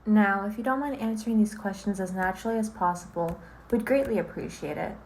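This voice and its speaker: A woman's voice: medium pitch, a little fast, darkish tone, natural voice. A woman playing an interviewer, speaking in a poised and lightly teasing way. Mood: polite. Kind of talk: amateur audio drama.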